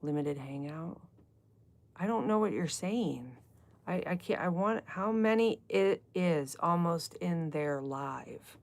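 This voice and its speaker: Speaking slowly in a lowish, mellow, expressive voice, a middle-aged woman runs a livestreamed book club. She wanders from topic to topic while casually responding to viewer comments.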